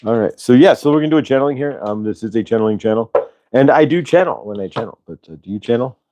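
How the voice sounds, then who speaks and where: Mellow-voiced man hosting a chatty stream. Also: mid-range voice, fast, no echo. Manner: relaxed, rambling, reads chat aloud. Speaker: host. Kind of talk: casual livestream chat.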